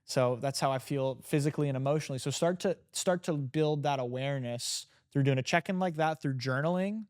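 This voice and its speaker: A guest entrepreneur, seated in a chair indoors, is interviewed on a podcast and speaks a little fast in a voice on the high side. He reflects on emotions and self-awareness in a coaching tone, frequently restarting his sentences.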